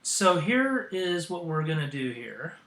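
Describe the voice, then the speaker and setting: Gravelly man with many ums. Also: fairly high pitch, very animated, unhurried, a bit bright, roomy sound. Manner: hesitant, with frequent ums and uhs. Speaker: tutorial host. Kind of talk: screen-recorded software tutorial.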